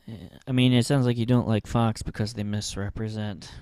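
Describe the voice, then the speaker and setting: Man, mellow dark voice, hesitant, restarts. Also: fairly low pitch, flat delivery, brisk, smooth, dry recording. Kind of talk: casual debate.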